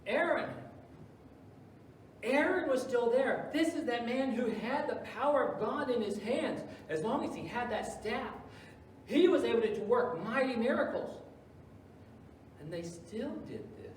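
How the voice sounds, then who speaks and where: Pastor, male, sermon delivery with big loud-soft swings, heard from far off in a very echoey church. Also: very high-pitched, expressive, unhurried, a little hiss or hum. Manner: dramatic swings between loud emphasis and hushed asides. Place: church sanctuary.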